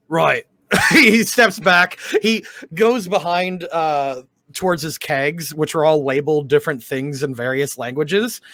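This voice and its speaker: A man narrates a comedy tabletop game as its dungeon master, quick to laugh and quick to slip into character accents. His voice sits a little high, and it is recorded close and dry, with no room around it. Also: fairly bright tone, no echo. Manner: laughs often, voices NPCs in shifting accents.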